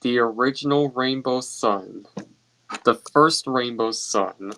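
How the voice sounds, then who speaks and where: Slow, hesitant man on a stream. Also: medium pitch, bright, forceful tone, slight background noise, poor audio. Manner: hesitant, tentative questions. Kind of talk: casual live-stream chat.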